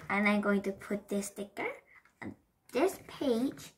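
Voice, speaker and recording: A woman reading a children's picture book aloud and gently encouraging the young listeners. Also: mid-range voice, expressive, unhurried, breathy edge. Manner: gentle, encouraging, simple words. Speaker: children's story reader.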